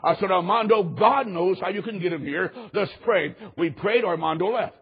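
A man's voice: high-pitched, normal speed, dull audio. A man preaching a sermon, telling a story with drama and quoting people in varied voices. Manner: dramatic, quotes others in changing voices.

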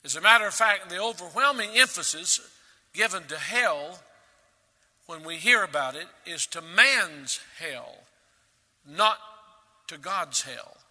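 A man preaching a sermon, emphatic, with sudden loud rises and quiet drops. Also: high voice, expressive, unhurried, pauses often, long reverb tail. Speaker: pastor.

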